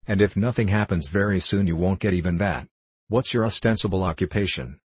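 A guttural, scheming diplomat sneers and mocks in a deep, low voice, as a man reads him aloud. His tone stays condescending and sly, with a husky edge. The audiobook recording is dry and close. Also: brisk, dry recording. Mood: mocking. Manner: mocking, condescending. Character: scheming, contemptuous male foreign diplomat. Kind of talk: audiobook character reading.

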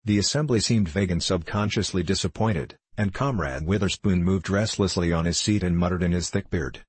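Deep husky man, measured audiobook narrator, dry close recording. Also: dry recording. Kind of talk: scripted narration.

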